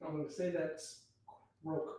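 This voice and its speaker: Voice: medium pitch, level tone, moderate pace, dark tone, far from the mic. An off-camera helper giving brief, matter-of-fact replies from away from the microphone. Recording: very echoey, off-mic room sound.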